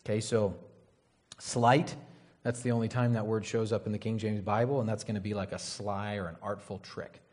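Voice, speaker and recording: A man's voice: lowish voice, level tone, moderate pace, darkish tone. A man preaching a conversational Bible sermon, casual and rambling, often checking in with "right?". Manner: casual, rambling, frequent "right?" and "you know".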